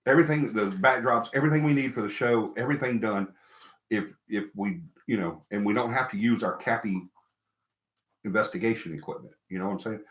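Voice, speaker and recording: A man's voice: fairly low pitch, fairly quick, fairly bright tone. A middle-aged man hosting a casual live stream, talking to viewers in a rambling, emphatic way and repeating himself. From American South. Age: middle-aged or older. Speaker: host of a paranormal live stream. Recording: echoey room.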